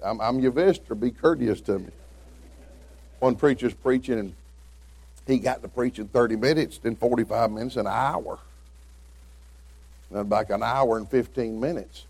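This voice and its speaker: A man's voice: medium pitch, moderate pace, gravelly, long pauses, a little mellow, husky. A man from Middle Tennessee with a Southern accent, a visiting preacher telling folksy humorous stories in a sermon. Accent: Southern American, Tennessee. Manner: folksy storytelling, acts out quoted voices.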